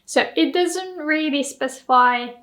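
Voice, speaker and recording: High-voiced Japanese woman teaching. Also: measured pace, fairly bright tone. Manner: playful, acts out example lines. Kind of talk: explaining grammar to camera.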